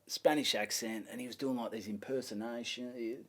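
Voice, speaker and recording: A man's voice: mid-range voice, brisk. An Australian man, a comedian, telling a story in a casual chat, swearing freely and acting out voices as he goes. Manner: animated, swearing, acts out voices in his stories. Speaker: comedian guest.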